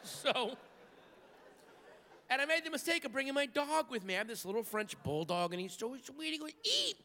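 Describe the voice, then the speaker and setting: A man doing a stand-up comedy routine on a theater stage, telling stories with sudden shouted outbursts. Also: extremely high pitch, expressive, moderate pace. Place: large theater stage with live audience. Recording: live hall recording with crowd.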